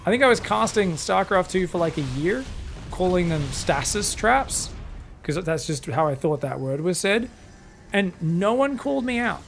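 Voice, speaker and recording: A young man doing solo live commentary on a strategy game, animated and profane, drifting into rambling asides between plays. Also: high voice, normal speed, vocal fry, a little hiss or hum. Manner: animated, swears freely, drifts into rambling stories. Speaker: esports caster.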